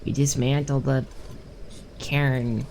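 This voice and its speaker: Very deep-voiced, gravelly woman streamer. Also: level tone, slow, mellow, slight background noise. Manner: chatty, thinks aloud, reads and answers chat. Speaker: game streamer. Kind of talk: casual gameplay commentary.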